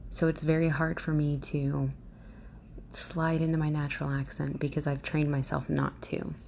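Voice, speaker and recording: A woman audio creator from the Southern US talks casually to her listeners. Her voice is low for a woman and has a gravelly edge. She speaks with careful, clear diction but sounds hesitant and self-deprecating. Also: flat delivery, normal speed, darkish tone, slight background noise.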